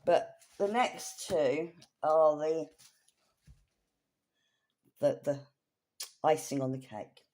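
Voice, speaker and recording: A woman's voice: low voice, very slow, long pauses, darkish tone. A woman chatting casually through a thrift haul in a rambling, self-correcting way. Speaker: craft vlogger.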